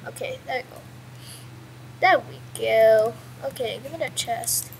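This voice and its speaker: A young woman casually commentating her own game at home, chatty and excitable, with sudden yelps and mild swearing. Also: fairly high pitch, a little slow, gravelly, a little hiss or hum, rough recording. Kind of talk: casual let's-play commentary. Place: at home with a pet dog nearby.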